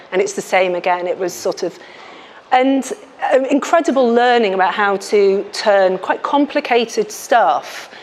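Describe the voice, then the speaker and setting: A woman's voice: medium pitch, a little mellow, a little hiss or hum. Frank Scouse woman giving a talk. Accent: Liverpool (Scouse). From Liverpool, England. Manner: frank, chatty, many restarts and fillers. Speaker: author and health journalist. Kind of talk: book launch talk to a live audience. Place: lecture room with audience.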